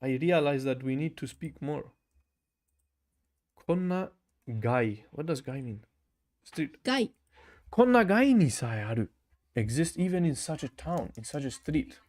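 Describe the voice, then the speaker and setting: A young man with a German accent talks to his camera in a casual livestream, slightly high voice. He reads comments, says bro constantly, laughs easily and drills phrases over and over. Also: big pitch swings, measured pace, long pauses, darkish tone. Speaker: language learner livestreaming. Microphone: camera mic.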